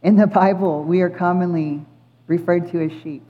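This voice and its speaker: A middle-aged woman speaking at a church service, giving an earnest, heartfelt sermon and reciting scripture, with many pauses and fillers. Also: lowish voice, steady tone. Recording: muffled recording with faint band music.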